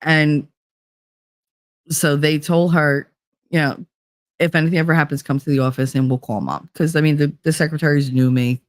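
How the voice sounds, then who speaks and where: A middle-aged woman, telling stories on a podcast in an animated, blunt way, swearing freely and acting out dialogue. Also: deep voice, moderate pace, long pauses, dry recording, clean studio sound. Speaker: podcast co-host, former teacher. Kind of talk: storytelling chat.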